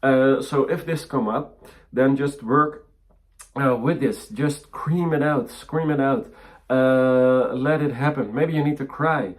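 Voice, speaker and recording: A man teaching about mediumship, speaking haltingly with many fillers and restarts, in a gentle, encouraging way. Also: medium pitch. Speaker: spiritual teacher.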